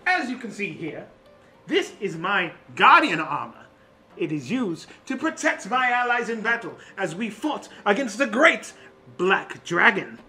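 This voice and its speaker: A man voicing a boastful male fire genasi inventor and shopkeeper, pitching himself like a grand salesman. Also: sing-song, measured pace, pushed and bright, faint music behind, exaggerated voice.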